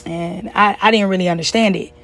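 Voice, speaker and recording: A woman's voice: mid-range voice, fairly even intonation, a little fast, fairly bright tone. A young woman earnestly telling a personal story in a conversational way, with many fillers and restarts.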